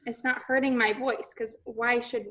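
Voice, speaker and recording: A young adult woman student speaking earnestly and haltingly about her voice. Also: a little high, steady tone, bright, forceful tone, distant mic. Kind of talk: casual chat.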